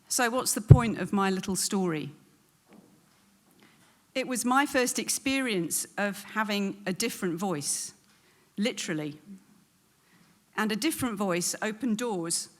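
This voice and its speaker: A southern English accent marks this Englishwoman hosting an event, giving a sincere, prepared welcome in a venue hall. She speaks at a medium pitch, her pauses frequently filled with "um."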